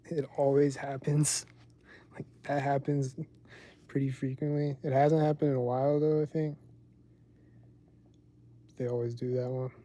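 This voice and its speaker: Man, livestream host, very dark voice, flat delivery, rambling casual talk. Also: mid-range voice, unhurried, long pauses. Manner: rambling, heavy use of "like".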